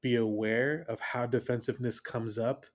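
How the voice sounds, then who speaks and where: Counselor co-host, measured and supportive, very even pitch. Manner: supportive, measured, agreeable listener. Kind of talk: casual conversational podcast.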